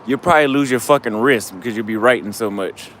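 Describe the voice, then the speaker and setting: A man's voice: mid-range voice, quick pace, a bit bright. A tipsy, slightly breathless man talks loosely into his handheld camera outdoors on a night street. His voice sits mid-height, and faint traffic and city hum run behind him. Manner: loose, rambling, profane, trailing off mid-thought. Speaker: travel vlogger. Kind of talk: casual street vlog monologue.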